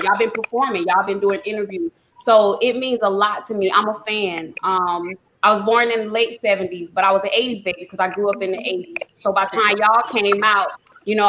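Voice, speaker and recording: A woman, hosting a live talk show, emotional and quick to laugh. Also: mid-range voice. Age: 40s. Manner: effusive, emotional, laughing often. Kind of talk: casual live chat. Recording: noisy live stream audio.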